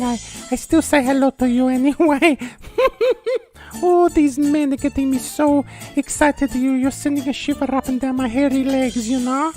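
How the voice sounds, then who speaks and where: Comedy bit: a man putting on a high-voiced, gushing Greek cleaning lady, middle-aged and flirty, faint music underneath. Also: darkish tone. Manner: gushing, flirtatious, calls everyone darling. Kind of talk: comedy character message.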